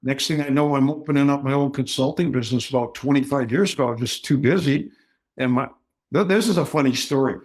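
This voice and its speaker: Guest, man in his 60s, animated raconteur, does voices in his stories. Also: mid-range voice, fast. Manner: jokey, animated storyteller acting out quoted voices. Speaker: podcast guest. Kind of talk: casual storytelling.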